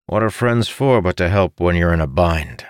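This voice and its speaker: A man voicing a calm, reassuring young male mage in a fantasy audiobook. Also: low voice, moderate pace, clear, resonant tone, dry recording, clean studio sound.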